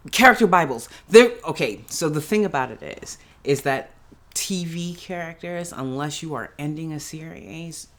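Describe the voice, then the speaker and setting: A woman giving a casual, animated reaction review of a TV episode, ranting in exasperation and laughing as she talks. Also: low-pitched. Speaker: show reviewer. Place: at home in pajamas.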